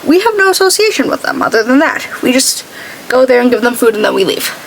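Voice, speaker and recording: A woman's voice: fairly high pitch, very animated, quick pace, creaky, a little hiss or hum, rough recording. A woman beauty vlogger chatting casually while she does her makeup, telling stories and acting out what other people said. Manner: chatty storytelling, acts out quoted people.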